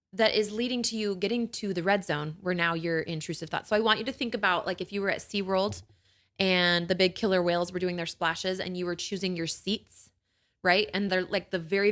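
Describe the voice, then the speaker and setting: A young adult woman with a mid-range, fairly bright voice hosts a podcast aimed at new mothers. She explains things in a casual, reassuring, conversational way, using "like" a lot and often checking in with "right?".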